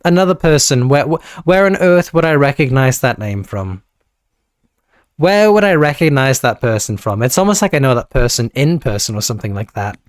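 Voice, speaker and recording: A man's voice: mid-range voice, animated, normal speed, dry recording, studio quality. A young man streaming live, rambling casually to his chat, often breaking off mid-sentence and fondly thanking viewers, speaking into a handheld mic he holds awkwardly. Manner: rambling, self-interrupting, affectionate to chat. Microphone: handheld mic, held awkwardly.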